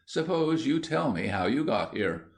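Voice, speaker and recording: A man's voice: mid-range voice, very animated, measured pace, creaky, pitched above the performer's own voice. A man voicing a weary but kindly middle-aged politician, speaking soothingly.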